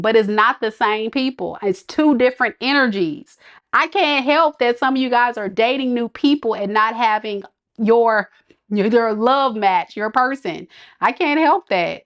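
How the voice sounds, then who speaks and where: A woman's voice: on the high side, fairly bright tone. A woman tarot reader scolding her live viewers in an exasperated, laughing rant.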